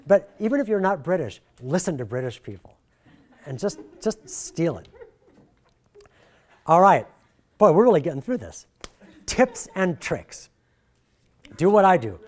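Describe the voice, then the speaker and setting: Animated man giving a workshop talk. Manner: animated, jokey, swings pitch and volume a lot. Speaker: workshop presenter.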